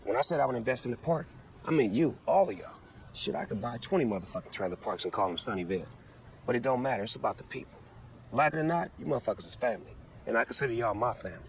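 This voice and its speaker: Man playing a rapper investor, gravelly, lively, quick, street slang. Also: mid-range voice, a little hiss or hum. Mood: heartfelt. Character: laid-back rich rapper investor, loyal to friends. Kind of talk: TV comedy acting.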